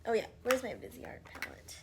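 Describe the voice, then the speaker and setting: Thirties woman vlogger, casual chat at home, slightly winded, a faint hiss behind her. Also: normal speed. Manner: chatty, filler-heavy, drops to soft asides while applying makeup. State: slightly out of breath from pregnancy. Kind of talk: casual get-ready-with-me chat. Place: at home, indoors.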